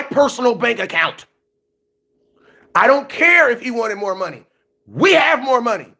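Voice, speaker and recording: A man hosting a livestream, ranting emotionally about football news and shouting out viewers by name, often breaking into yelling. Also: extremely high pitch, sing-song, normal speed, pauses often.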